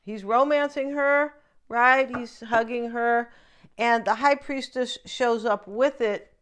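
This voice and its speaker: A woman talks through a tarot spread in a loose, chatty way. Her voice is smooth and resonant. She muses aloud and keeps checking in with the listener. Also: on the high side, steady tone, takes it slowly, fairly bright tone. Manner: chatty, asks "right?" often, muses aloud. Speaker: tarot reader. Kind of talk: casual tarot reading monologue.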